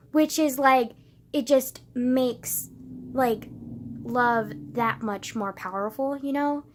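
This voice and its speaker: A grieving woman in a casual confessional vlog, rambling with many filler words and swinging from quiet, subdued talk to loud emotional bursts. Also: a little high. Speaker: vlogger.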